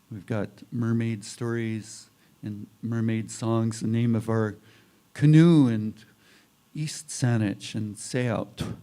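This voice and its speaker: A man's voice: fairly low pitch, mellow. A man telling a traditional story at a spiritual service, drawing out words and inviting listeners to call back. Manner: unhurried, chanting the story's opening and drawing out words. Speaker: guest storyteller.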